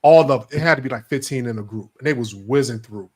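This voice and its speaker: A man co-hosting a casual chat show, telling stories in a relaxed, slang-heavy way. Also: medium pitch, fast talker, breathy edge. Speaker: co-host.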